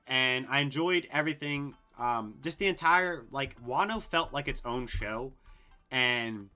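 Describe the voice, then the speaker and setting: Bright-voiced young guy ranting excitedly. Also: mid-range voice. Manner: excitable, rambling and profane, lots of filler. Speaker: anime video host. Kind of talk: casual ranking commentary.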